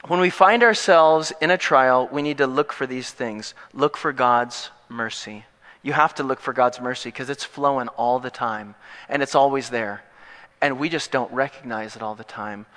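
A male pastor giving an animated, emphatic sermon that mixes in jokes. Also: mid-range voice. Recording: long echo in a large hall.

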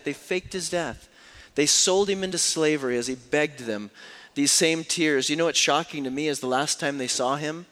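A man preaching a sermon, telling stories in an expressive way that moves from hushed passages to animated ones. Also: medium pitch, big-room sound. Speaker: pastor.

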